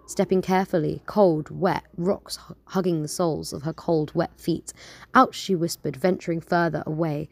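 A woman's voice: fairly low pitch, gravelly, warm tone, no echo. A young woman hosting her show, chatting casually and reading her own poems aloud in a rambling, playful way. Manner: rambling, filler-heavy, playful. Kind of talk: casual chat and poetry reading.

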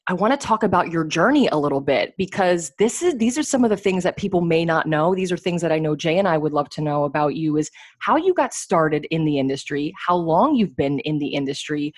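A woman's voice: low-pitched, lively intonation, brisk, hardly any pauses. A woman hosting a podcast, praising her guest at length before asking about his start. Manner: effusive, rambling, full of praise. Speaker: podcast host. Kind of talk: interviewing a guest.

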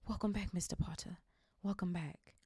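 An old, bald bartender speaks in a hushed, breathy whisper, voiced by a woman reading aloud. The reading is dry and close to the mic. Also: on the low side, fairly even intonation, normal speed, dry recording. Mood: awed.

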